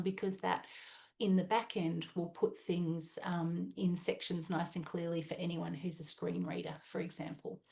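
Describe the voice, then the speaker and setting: A woman's voice: fairly low pitch, warm tone. An Australian woman presenting a webinar talk in a chatty, conversational way with frequent "um"s.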